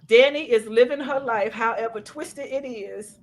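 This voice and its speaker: A woman's voice: a little high, normal speed, over a noisy crowd. A woman co-hosting a podcast, recapping a TV episode in casual chat and scolding the characters emphatically. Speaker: podcast co-host.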